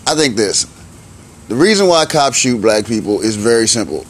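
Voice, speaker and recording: A man's voice: medium pitch, big pitch swings, moderate pace. A man delivering a blunt, profane comic rant in slangy casual speech, often climbing into exasperated outbursts.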